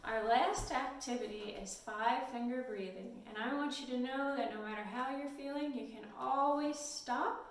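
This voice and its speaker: A woman leading a storytime lesson for toddlers in a gentle, sing-song, encouraging way, recorded in a library room. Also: fairly high pitch, normal speed, hardly any pauses, slight background noise. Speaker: children's librarian. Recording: echoey room, mic at a distance.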